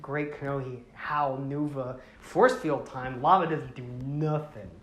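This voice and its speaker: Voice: medium pitch, fairly even intonation, measured pace, reverberant, slight background noise, voice pushed down, lightly acted. A speaker voicing a cocky, boastful male fire warrior hero who taunts others. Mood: taunting. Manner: smug, taunting.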